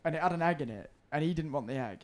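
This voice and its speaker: A man's voice: on the high side, lively intonation, rapid-fire, a little mellow. A young man telling a long anecdote on a podcast, rambling, swearing and laughing. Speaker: podcast co-host. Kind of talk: casual chat, storytelling.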